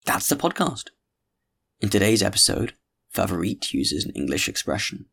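A man hosting a podcast and reading a classic novel aloud in a measured, literary way. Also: on the low side, big pitch swings, vocal fry, fairly bright tone, husky. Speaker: podcast host and narrator. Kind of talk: audiobook narration.

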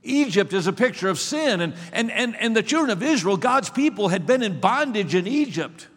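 A man preaching a sermon, slow and emphatic, often repeating words as he starts a sentence. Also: high-pitched, very animated, fairly bright tone, long reverb tail.

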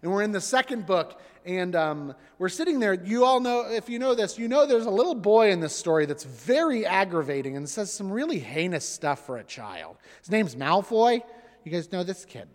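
A man in his thirties preaching as a pastor, an animated storyteller who acts out the voices in his stories. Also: sits high, normal speed. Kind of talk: sermon. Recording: long hall reverb.

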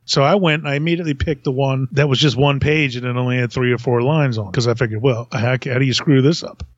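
A middle-aged podcast host tells rambling stories casually, mocking himself and laughing at his own tales. His mid-range voice is fast with fairly even intonation, and the dry, dull-sounding audio has no room sound.

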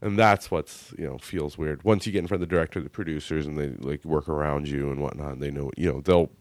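American man, deep and dry, relaxed rambling guest talk. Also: fast talker, dry recording. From United States. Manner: loose and rambling, many fillers and restarts. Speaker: actor, guest. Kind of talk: casual interview talk.

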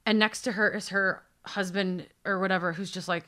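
Bright, lively woman telling a story. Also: mid-range voice, fairly quick. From United States. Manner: lively, acts out the people in her story with big shifts in loudness. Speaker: podcast co-host. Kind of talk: animated storytelling.

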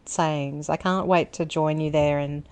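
A woman's voice: deep voice, fairly even intonation, measured pace, darkish tone, smooth. A woman co-hosting a podcast in casual chat, throwing in dry, teasing quips and laughing. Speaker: podcast co-host.

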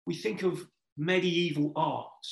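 A man's voice: fairly high pitch, steady tone, slow, creaky. A man preaching a sermon, earnest and putting questions straight to his listeners. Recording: echoey room.

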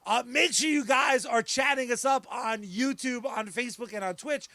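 Man, podcast co-host, high voice, dry close recording, rambling casual banter. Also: moderate pace, sharp tone, no echo. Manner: rambling, self-deprecating, laughs easily.

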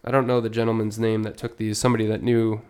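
Nasal-sounding man, smooth and even. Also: fairly low pitch, quick pace. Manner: relaxed, hesitant with many fillers. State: nasal from allergies. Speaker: podcast co-host. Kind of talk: casual chat.

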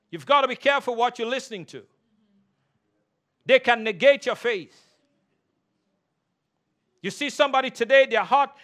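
A pastor preaching with a high, bright, forceful voice. He drives his points home by repeating key lines and slowing down on them. He calls out for the congregation to answer him. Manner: emphatic preaching with call-and-response; repeats key phrases, slows for emphasis. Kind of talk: sermon.

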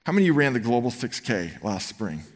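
A man's voice: mid-range voice, big pitch swings, fast talker. A man preaching a sermon as pastor, conversational and earnest, slipping into quoted voices as he tells stories. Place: church sanctuary. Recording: church hall reverb.

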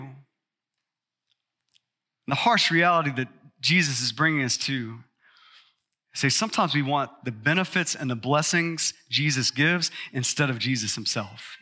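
A man, a pastor, preaching a sermon with emphatic rises to loud peaks. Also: medium pitch, animated, unhurried, long pauses.

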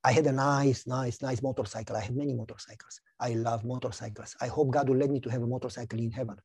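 A man preaching a sermon, telling stories with lively acted-out dialogue. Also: medium pitch, quick pace, slightly rough, dry recording. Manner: animated storytelling, acts out dialogue. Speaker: pastor.

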